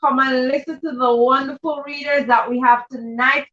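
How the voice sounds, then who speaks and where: Lady live-stream host, high bright voice, echoey room, mic kinda far off. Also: steady tone, moderate pace, slight background noise. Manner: warm, repetitive shout-outs to viewers. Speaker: host of a live-streamed children's reading show. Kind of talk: casual live-stream chat, reading out comments. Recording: roomy, distant, dull lo-fi sound.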